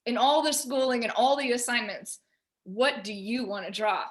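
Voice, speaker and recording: A woman on a video call at home, telling a personal story in an animated way and quoting herself and others. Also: on the high side, normal speed. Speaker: featured artist guest. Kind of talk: casual video call discussion.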